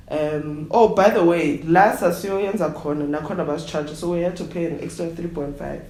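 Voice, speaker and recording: A woman traditional healer from South Africa, telling her story at a roundtable in an animated way, often acting out what others said. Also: lowish voice, normal speed, few pauses, soft background music. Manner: code-switching, animated retelling with quoted voices. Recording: echoey room with faint noise.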